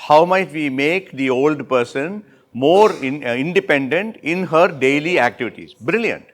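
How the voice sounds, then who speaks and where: A workshop instructor with an Indian English accent leads an interactive classroom session, repeating and rephrasing students' answers and giving brisk praise. His voice is a little high and expressive.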